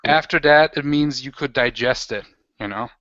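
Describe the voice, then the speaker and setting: Man, game master, tabletop game, halting explanations, dry, dull lo-fi sound. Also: mid-range voice, a bit bright, no room sound. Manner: halting, filler-heavy explaining. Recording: dull lo-fi home recording.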